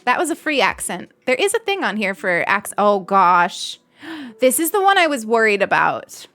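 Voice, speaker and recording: A woman's voice: medium pitch, big pitch swings, normal speed, bright, forceful tone. A young adult woman streamer chatting casually and giggling as she thanks donors on a live stream.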